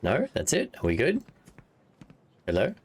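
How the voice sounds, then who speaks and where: A man's voice: mid-range voice, wildly swooping pitch, measured pace, breathy edge. A man streaming a video game, chatting casually, thinking aloud and reacting with amusement. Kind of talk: casual let's-play commentary.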